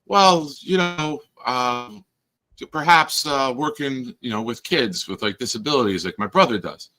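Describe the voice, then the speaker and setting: An earnest, literal-minded young man, as a storyteller puts him on with a raised, slowed voice. He answers politely and sincerely, as if taking every word at face value. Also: medium pitch, lively intonation, bright, forceful tone, pitched above the performer's own voice.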